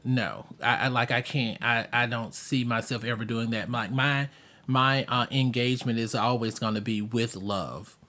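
A man in candid conversation, halting and searching for his words. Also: mid-range voice, steady tone, sharp tone.

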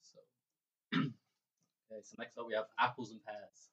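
A man's voice: fairly low pitch, flat delivery, normal speed, bright, forceful tone, husky, lo-fi sound. A man running a slang guessing game, patiently giving clues and explaining. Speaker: quizmaster. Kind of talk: casual chat.

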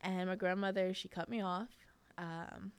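A woman's voice: on the low side, fairly even intonation, measured pace. A young woman hosting a podcast, telling a personal story in a casual, chatty way with lots of fillers. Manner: chatty, many fillers, laughs often. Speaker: podcast host.

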